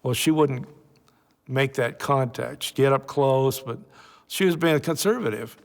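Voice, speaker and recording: An older man recounting memories in a plain, unhurried way for a documentary interview. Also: mid-range voice, creaky, big-room sound.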